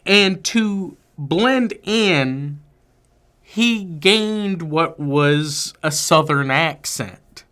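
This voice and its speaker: A man co-hosting a film review podcast, chatting casually and giving opinionated, emphatic takes. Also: on the high side. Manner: animated, opinionated, drawn-out emphasis. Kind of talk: casual movie review chat.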